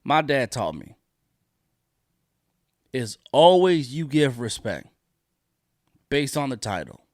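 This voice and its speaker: A man's voice: medium pitch, big pitch swings, slow pace, no room sound, clean studio sound. A man hosting a solo podcast, ranting in a profane, indignant way and repeating his points for emphasis. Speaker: podcast host.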